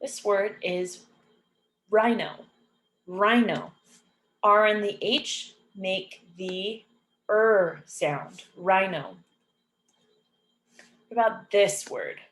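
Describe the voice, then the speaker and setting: A woman teaching an English phonics lesson, saying each example word slowly and repeating it clearly and patiently. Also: mid-range voice, a bit bright. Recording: echoey room.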